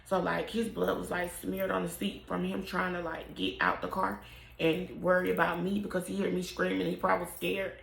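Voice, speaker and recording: A young woman tells the story of losing her son, halting and emotional, often trailing off. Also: on the low side, little pitch movement, gravelly, fairly bright tone. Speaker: mother telling her story. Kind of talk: personal storytelling to camera. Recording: roomy echo.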